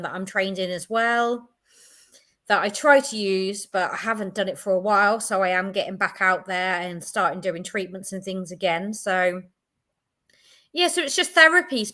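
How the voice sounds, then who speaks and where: Woman guest, easygoing and giggly, bright clear tone, casual chat. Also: medium pitch. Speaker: guest, medium and holistic therapist.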